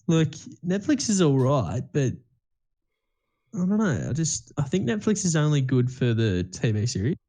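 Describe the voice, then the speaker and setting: A man's voice: fairly high pitch, big pitch swings, normal speed, warm tone. A young man, co-hosting a podcast in casual chat, rambling and swearing freely. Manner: rambling storytelling, swears freely, many fillers. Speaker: podcast co-host.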